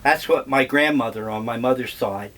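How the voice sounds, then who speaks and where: An older man vlogging, telling memories in a slow, wry, meandering way. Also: mid-range voice, fairly bright tone. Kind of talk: casual reminiscing monologue.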